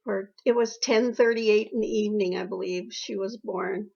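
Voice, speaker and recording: This older woman, a mother being interviewed about her daughter, has a medium-pitched, steady voice with vocal fry and a breathy edge, speaking at a normal speed. She shares family stories warmly and emotionally, repeating phrases. The recording quality is dull and lo-fi.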